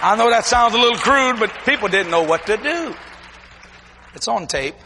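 A man preaching a testimony sermon, telling stories in a folksy, informal way and breaking into shouted exclamations. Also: sits high, moderate pace, background noise. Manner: animated storytelling with shouted exclamations. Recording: long hall reverb.

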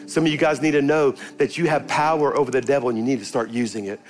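A man's voice: medium pitch, fast. Older preaching man, music behind. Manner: animated storytelling, rising to forceful preaching then quiet prayer. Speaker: pastor. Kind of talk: sermon. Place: church sanctuary.

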